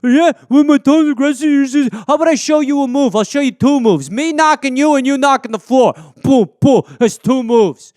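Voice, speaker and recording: A man's voice: sits high, sing-song, normal speed, no room sound, studio quality. A man playing a foul-mouthed, belligerent male tough guy, in a comedy bit. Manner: swearing, threatening, belligerent.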